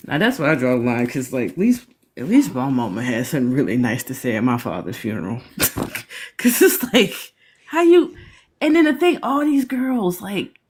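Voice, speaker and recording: A woman co-hosting a reaction stream, talking in an animated, emphatic way and laughing often. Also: rumbling low, moderate pace, slightly rough. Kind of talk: casual commentary chat.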